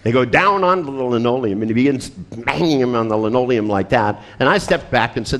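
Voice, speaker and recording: Animated, profane male storyteller. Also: medium pitch, fairly quick, few pauses. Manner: profane, laughing storyteller acting out dialogue. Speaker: seminar speaker. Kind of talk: storytelling talk to an audience.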